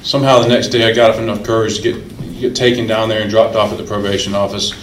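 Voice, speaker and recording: A man's voice: lowish voice, little pitch movement, fast, a little hiss or hum. Earnest man telling his recovery story. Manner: earnest, emotional, repeats phrases for emphasis. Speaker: recovery meeting speaker. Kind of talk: personal recovery story told to a meeting. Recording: echoey room.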